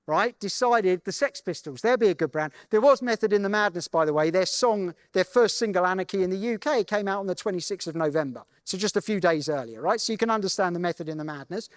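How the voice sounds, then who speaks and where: A man speaking from a conference main stage, delivering a keynote as a chatty story. His voice sits high for a man, and the sound is dry and close. He keeps checking in with the crowd as he goes. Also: lively intonation, fast talker, no room sound. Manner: conversational, keeps checking in with "right?".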